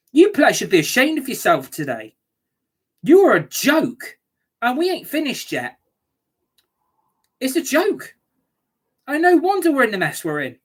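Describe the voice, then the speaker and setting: A woman's voice: fairly high pitch, fairly bright tone, slightly rough. A woman ranting angrily as a football fan reacting to a match, sweary and scornful.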